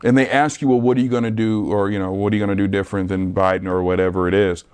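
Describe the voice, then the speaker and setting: A man's voice: on the low side, fairly even intonation, rapid-fire, a little mellow, clean tone. A young man co-hosting a casual podcast chat, earnest and opinionated with slangy phrasing. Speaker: co-host.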